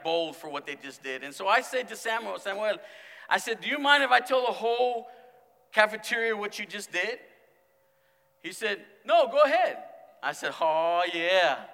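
A man who is a student pastor, preaching a sermon and acting out stories, swinging from mumbled quotes to loud exclamations. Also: high voice. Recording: long hall reverb.

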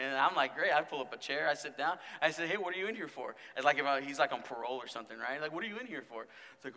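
A man who is a student pastor, preaching a sermon and acting out stories, swinging from mumbled quotes to loud exclamations. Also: on the high side, animated, quick pace. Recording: long hall reverb.

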